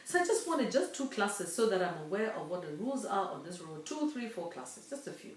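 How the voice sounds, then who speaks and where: A woman's voice: medium pitch, big pitch swings, fairly quick. Chatty woman in her fifties, roomy distant sound. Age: 50s. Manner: earnest, chatty, with many fillers. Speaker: vlogger. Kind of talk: casual monologue. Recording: roomy echo, distant mic.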